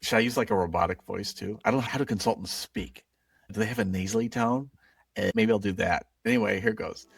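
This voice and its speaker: A man's voice: fairly low pitch, a little fast, vocal fry, far from the mic, faint music behind. A man co-hosting a casual business podcast, chatting easily with his co-host. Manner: conversational, reads a jokey outro in mock consultant speak.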